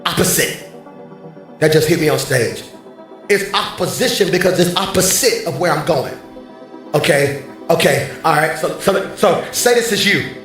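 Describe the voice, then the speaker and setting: A male pastor preaching a sermon from a church stage, animated and bantering with the congregation. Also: fairly high pitch, measured pace. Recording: very echoey hall, faint music.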